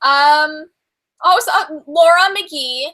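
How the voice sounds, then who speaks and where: Young woman, high voice, bubbly rambling chat, lots of fillers, casual live stream. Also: takes it slowly, pushed and bright, poor audio. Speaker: host.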